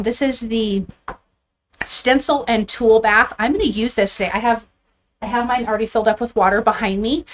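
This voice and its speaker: A woman with a slightly raised voice hosts a live card-making stream from her craft table. She chats casually and warmly with viewers as she handles supplies. She sounds a little out of breath. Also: on the high side. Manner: chatty and upbeat, talks to viewers while handling supplies. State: a bit out of breath.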